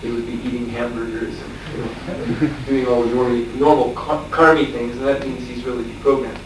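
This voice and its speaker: A man, a monk lecturer, telling a story in a scripture class, chuckling often and filling his pauses with "uh". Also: medium pitch, little pitch movement. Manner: storytelling with chuckles and frequent fillers. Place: lecture room at a farmstead. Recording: echoey room, distant mic, faint hiss.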